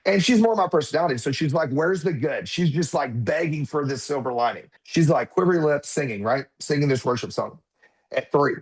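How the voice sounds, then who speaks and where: A man's voice: a little high, brisk, breathy edge. A man in his thirties, a podcast guest, telling a personal story in conversation and acting out what his children said. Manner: animated, acts out quotes of his children.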